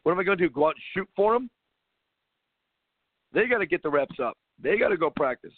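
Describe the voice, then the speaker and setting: A man's voice: high-pitched, sing-song, a little fast, dry recording. A man who coaches basketball and hosts a show, talking through his views in a rambling, emphatic way with frequent restarts. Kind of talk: casual monologue. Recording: tinny phone-like line, dry.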